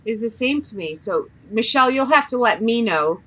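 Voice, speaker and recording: Bright-voiced woman with a Massachusetts accent. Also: fairly high pitch, animated, moderate pace, dull audio. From Massachusetts and New Hampshire. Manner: interjecting, playful, drops her R's. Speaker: radio show co-host. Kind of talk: casual chat.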